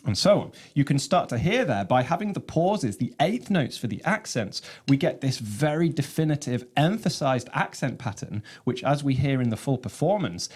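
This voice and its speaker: A man teaching about his own snare drum composition, explaining rhythms in a measured way and counting them aloud. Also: medium pitch, sing-song, a little mellow, slightly rough. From England.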